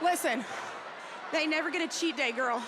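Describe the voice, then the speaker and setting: Brassy high-voiced woman comedian. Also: moderate pace. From Texas. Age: 30s. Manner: brassy, flirty, loud. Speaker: stand-up comedian contestant. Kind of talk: stand-up comedy. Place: large theater stage with cheering audience. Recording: loud audience noise behind.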